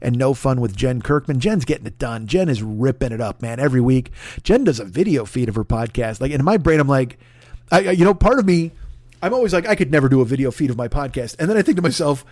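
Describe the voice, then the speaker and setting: Profane rambling comedy podcast host. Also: male voice, medium pitch, lively intonation, brisk, darkish tone, no room sound, clean studio sound. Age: 40s. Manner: rambling, profane, exaggerating for laughs. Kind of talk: solo comedic podcast monologue.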